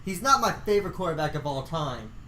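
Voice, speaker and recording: A man on a casual sports podcast, teasing and deliberately contrarian. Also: a little high, big pitch swings, bright, forceful tone, roomy sound, a little hiss or hum.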